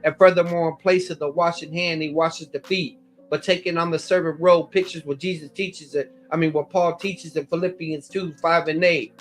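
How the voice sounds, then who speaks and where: Soft background music accompanies a man lecturing on scripture at a moderate pace in a steady, higher-pitched voice. As a Bible teacher he explains the text, cites verse numbers and paragraphs, and occasionally restarts words.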